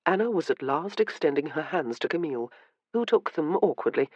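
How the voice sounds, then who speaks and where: A woman narrating a historical romance audiobook with measured, even scripted narration. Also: sits low, no room sound, highs cut off.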